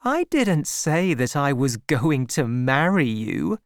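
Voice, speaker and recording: A reader, likely a man, voicing a proud young woman farmer in a raised, lighter voice, speaking slowly and firmly. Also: mid-range voice, very animated, smooth, no room sound, studio quality. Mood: firm refusal. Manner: firm, slow and deliberate.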